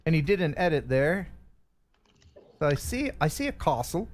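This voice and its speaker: A man hosting a casual livestream chat with a neutral American broadcast accent. He jokes and talks in an animated way. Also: normal speed, a little hiss or hum. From Philadelphia area, US. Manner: joking, animated, jumps in pitch when excited. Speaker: host.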